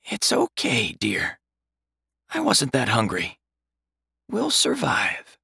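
A man voicing a frail, dying mother who speaks weakly and tenderly in a high, breathy voice. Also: wildly swooping pitch, takes it slowly, sharp tone, no echo, studio quality, full character voice.

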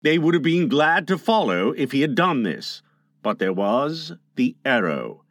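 A man reading a children's novel aloud as an audiobook narrator, with expressive delivery. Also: medium pitch, unhurried, no echo, clean studio sound.

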